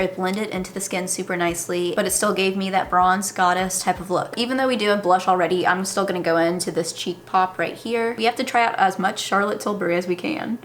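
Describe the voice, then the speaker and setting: Chatty young woman vlogging a makeup try-on, casual and rambling, quiet room hum. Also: mid-range voice. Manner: chatty, filler-heavy with frequent "like". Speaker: beauty vlogger. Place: indoors at a desk.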